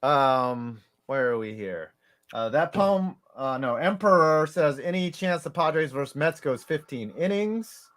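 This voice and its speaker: A man with a slightly high voice chats loosely through a baseball game as co-host. He rambles and laughs at his own jokes. The talk drifts between play calls and side jokes. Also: lively intonation, measured pace, fairly bright tone. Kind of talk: casual baseball watch-along chat.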